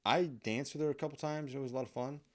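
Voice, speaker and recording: A man's voice: medium pitch, fast. A man hosting a podcast, telling a comic personal story in a profane, self-mocking, rambling way. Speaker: podcast host.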